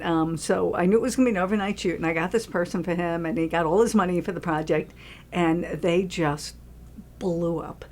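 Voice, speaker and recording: A woman from New York, a film producer, telling stories in casual chat and acting out what people said. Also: lowish voice. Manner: animated storyteller, acts out quotes.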